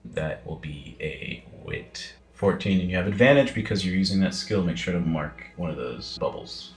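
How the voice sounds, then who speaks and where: Deep-voiced man running a tabletop game. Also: expressive, music in the background. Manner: halting, with many uh fillers. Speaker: game master. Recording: echoey room with noise.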